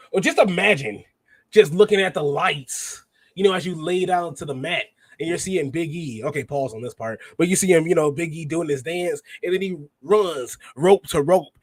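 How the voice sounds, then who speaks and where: A man hosting a podcast, recapping wrestling in an animated, rambling way and acting out quotes. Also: a little high, normal speed, no echo. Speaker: podcast host.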